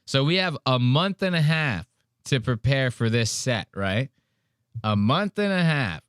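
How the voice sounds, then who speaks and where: A man's voice: mid-range voice, measured pace, clean tone, no room sound, clean studio sound. A man hosting a podcast, ranting in casual chat with lots of swearing. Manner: profane, ranting, animated. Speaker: podcast host.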